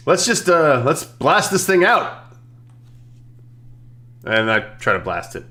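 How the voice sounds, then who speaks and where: A man's voice: mid-range voice, sing-song, takes it slowly, pauses often, bright, forceful tone. A man playing a superhero tabletop game, talking in a playful way. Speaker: player.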